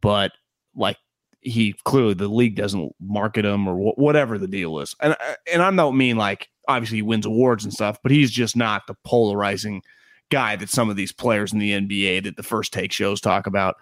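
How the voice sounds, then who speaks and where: Low-voiced male sports co-host. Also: moderate pace, no echo, studio quality. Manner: conversational, enthusiastic, laughs easily. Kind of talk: casual sports talk.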